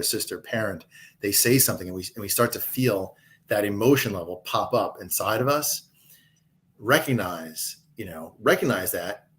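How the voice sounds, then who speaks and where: A man talking calmly and reflectively about handling emotions, as a guest in a conversational interview from home. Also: on the low side. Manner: calm, reflective, coaching tone.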